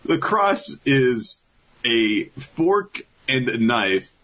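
A man's voice: medium pitch, very animated, very slow, sharp tone, poor audio. A man casually recapping an anime episode with a co-host, joking, swearing and laughing often. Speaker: podcast co-host. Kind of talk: casual comedic recap chat.

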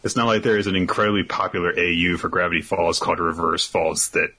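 Low husky young guy reading questions. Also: little pitch movement, quick pace, sharp tone. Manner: dry, rambling, goes off on tangents. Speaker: podcast co-host. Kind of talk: casual chat, reading listener questions.

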